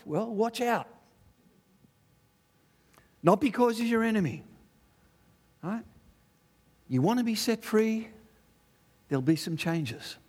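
Preaching with animation and a conversational feel, a middle-aged man with an Australian accent fires rhetorical questions and asides at his congregation. His voice sits high.

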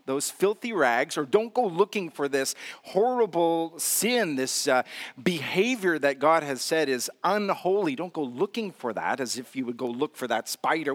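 Conversational preaching man, slightly high voice. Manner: storytelling with humor and self-deprecation; conversational, frequent "uh" fillers. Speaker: pastor. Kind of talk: sermon.

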